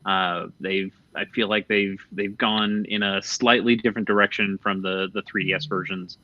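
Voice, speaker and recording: A man's voice: fairly low pitch, little pitch movement, normal speed. A man hosting a casual gaming podcast, speaking candidly, swearing freely and trailing off mid-thought. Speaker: podcast host. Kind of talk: casual chat about video games. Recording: dull, slightly lo-fi podcast audio.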